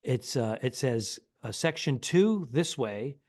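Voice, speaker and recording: A man's voice: mid-range voice, expressive, slow pace, darkish tone, no echo, clean studio sound. A man co-hosting a comedy podcast, telling a long rambling story in casual chat and acting out the people in it. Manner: rambling anecdote, acts out quoted people. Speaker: podcast co-host.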